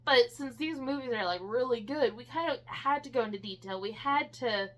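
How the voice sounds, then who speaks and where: A woman's voice: a little high, normal speed, a bit bright. A woman co-hosting a casual movie review chat from her couch at home, dry and matter-of-fact. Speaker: co-host of a movie review show. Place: living room couch at home.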